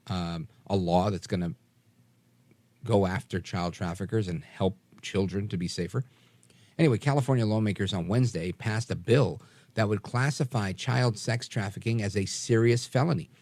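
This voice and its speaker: A fairly low-voiced man in his forties hosts late-night talk radio with a lightly softened New York accent. He speaks emphatically, with fillers and quick restarts, and the sound is close and dry. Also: dry recording. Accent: New York, mostly softened. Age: 40s. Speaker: radio talk show host.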